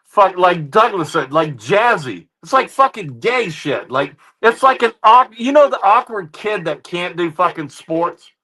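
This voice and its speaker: A man hosting a livestream, ranting heatedly at his chat with constant swearing and repeated "ladies and gentlemen.". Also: high-pitched, expressive, unhurried. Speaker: livestream host reacting to chat. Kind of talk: profane livestream rant.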